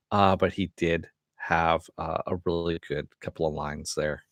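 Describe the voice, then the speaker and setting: A man hosting a casual spoken review of an animated series, rambling with many fillers, laughing often and swearing with enthusiasm. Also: deep voice, no room sound, clean studio sound. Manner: profane and enthusiastic.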